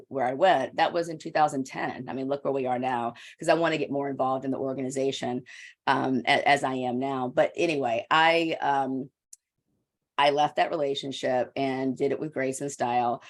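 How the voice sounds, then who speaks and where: A middle-aged woman coach, a guest on an interview show, telling her story in a candid, confessional way. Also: a bass voice. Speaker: guest, women's leadership coach.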